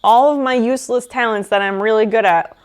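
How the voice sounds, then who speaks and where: A woman's voice: a little high, brisk. A woman chatting casually with her live-stream viewers while she restores a table, joking and guessing names. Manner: chatty, joking, talks to chat while working.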